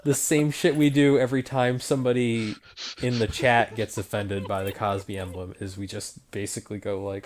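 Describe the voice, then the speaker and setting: A man's voice: on the low side, flat delivery, normal speed. A man hosting a podcast, telling a long story in loose, profane, laughing casual chat. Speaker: podcast host.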